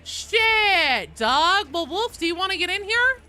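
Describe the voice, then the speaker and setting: A woman's voice: very high voice, sing-song, takes it slowly, bright, forceful tone. A woman streaming a game live, chatting casually and playfully with viewers and swearing freely.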